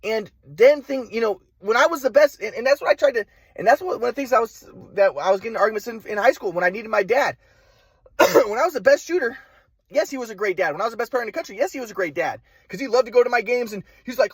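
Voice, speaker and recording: A vlogger with a high, lively, breathy voice talks fast in a rambling personal monologue, stammering, restarting repeatedly, and swearing freely. The recording is dry.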